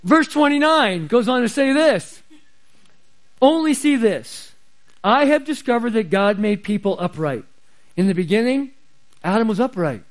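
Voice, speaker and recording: A man with a very high voice delivers a sermon. He preaches in a conversational way and leans hard on the scripture he reads out. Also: expressive, unhurried, pauses often. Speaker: pastor.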